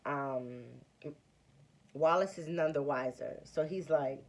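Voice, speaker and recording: A young woman chats to her viewers with a low, unhurried voice. She tells a personal story casually and slangily, acting out each quote as she goes. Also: darkish tone. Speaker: vlogger.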